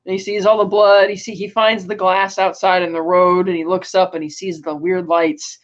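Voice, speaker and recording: A woman co-hosting a podcast, casually recapping a TV episode in detail with many fillers and quick asides. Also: fairly low pitch, level tone. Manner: retells scenes in detail, acting out characters' lines with filler words. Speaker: podcast co-host. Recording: dull lo-fi audio.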